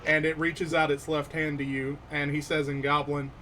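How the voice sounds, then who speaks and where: A man's voice: fairly high pitch, level tone, normal speed, noisy background. A man narrating as game master for a tabletop game, hesitant and full of fillers.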